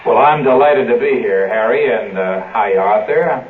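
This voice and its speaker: A man's voice: mid-range voice, moderate pace, roomy sound, a little hiss or hum. A man guesting on a radio show, making dry quips. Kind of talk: joking radio banter. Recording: tinny remote line with studio crowd.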